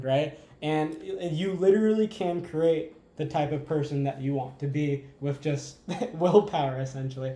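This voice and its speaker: Enthusiastic rambling man, mellow voice. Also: fairly high pitch, moderate pace, few pauses, echoey room. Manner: enthusiastic, rambling, frequent "like" and "right?". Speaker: podcast guest. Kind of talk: casual conversation.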